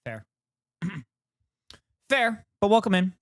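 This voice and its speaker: A streamer man chatting casually with his viewers, his voice sitting a touch high. He teases and jokes constantly, loose and playful. The sound is dry and close, with no room around it. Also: big pitch swings, slow, dry recording. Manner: joking, teasing banter with chat. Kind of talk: casual live-stream chat.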